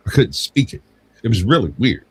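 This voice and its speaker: A man's voice: mid-range voice, sing-song, fairly quick, a little hiss or hum, rough recording. A man co-hosting a casual talk show, telling long rambling anecdotes and acting out the people in them. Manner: rambling anecdotes with acted quotes. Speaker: podcast co-host. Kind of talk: casual storytelling chat.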